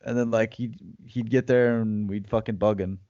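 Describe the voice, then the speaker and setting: A man's voice: fairly low pitch, fairly even intonation, normal speed, warm tone, no echo. Laid-back swearing guy. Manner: laid-back, profane, drawling reminiscing. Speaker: podcast co-host. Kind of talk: casual chat. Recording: dry dull lo-fi podcast audio.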